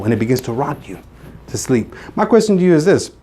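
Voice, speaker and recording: A man's voice: medium pitch, very animated, brisk, darkish tone, slightly rough. A man giving a motivational speech to a live audience in a meeting room, emphatic and repeating phrases for effect. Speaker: motivational speaker.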